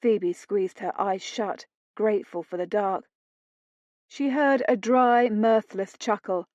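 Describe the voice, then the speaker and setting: Woman reading a romance audiobook, slow steady storytelling, dead dry room. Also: medium pitch, no room sound. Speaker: audiobook narrator. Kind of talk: scripted narration of a romance novel. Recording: dull dry lo-fi studio read.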